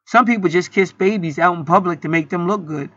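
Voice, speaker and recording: A man's voice: sits high, brisk, bright, forceful tone, dry recording, highs cut off. A man telling a story in a casual, heated monologue, swearing often and rambling with many restarts. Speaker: channel host.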